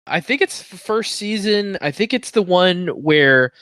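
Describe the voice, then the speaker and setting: A man co-hosting a podcast in casual, animated chat. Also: high voice, a little slow, clear, resonant tone, no room sound. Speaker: podcast co-host.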